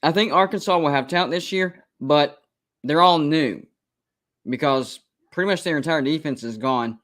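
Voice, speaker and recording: A man's voice: fairly high pitch, moderate pace, fairly bright tone. A man hosting a live college football stream, talking casually, emphatic and repetitive as he defends his predictions. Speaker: college football show host. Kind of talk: live-stream sports commentary.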